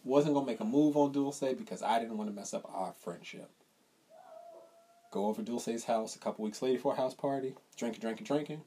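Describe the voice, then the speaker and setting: A young man co-hosting a podcast, telling a profane, animated story in casual chat and acting out the people in it. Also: medium pitch, brisk, a little hiss or hum. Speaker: podcast co-host.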